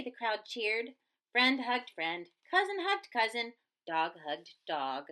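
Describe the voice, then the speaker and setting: A woman teacher reading a picture book aloud to her class with an expressive storybook delivery. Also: mid-range voice, measured pace.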